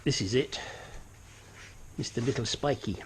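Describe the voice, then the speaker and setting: A man's voice: medium pitch, a little slow, a bit bright, a little hiss or hum. A man working as a mechanic, talking through a car repair while he works, muttering and grunting as he struggles with parts. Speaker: auto mechanic. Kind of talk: hands-on car repair tutorial.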